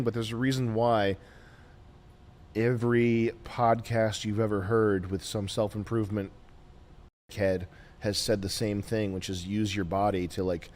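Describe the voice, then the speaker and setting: A man hosting a show, giving blunt, rambling advice with halting fillers and swearing. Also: fairly low pitch, darkish tone. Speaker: host. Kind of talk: casual advice talk.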